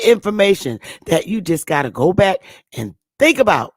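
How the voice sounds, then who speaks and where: A woman's voice: fairly low pitch, very animated, moderate pace, dry recording, clean studio sound. A woman hosting a live stream, ranting with emphatic, profane talk and repeating the same rhetorical questions. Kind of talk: heated live-stream rant.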